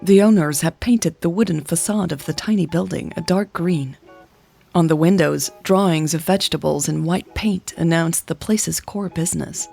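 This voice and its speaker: A woman who hosts a podcast, reading a romance story aloud in a calm, even way. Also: lowish voice, moderate pace, vocal fry, soft background music. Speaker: podcast host and narrator.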